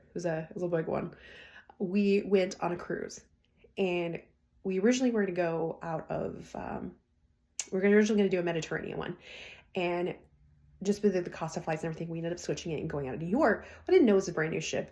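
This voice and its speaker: This woman's voice is lowish with a darkish tone. Hosting a podcast, she tells stories casually and chattily, often laughing and acting out people's words.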